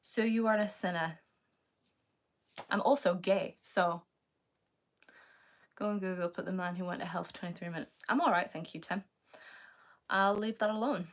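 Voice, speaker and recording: A young woman with a British accent and a slightly low voice, talking casually to her live-stream chat. She reads comments aloud and answers in a relaxed, rambling way, full of "like". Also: normal speed, long pauses. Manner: chatty, reads comments aloud, many fillers of "like".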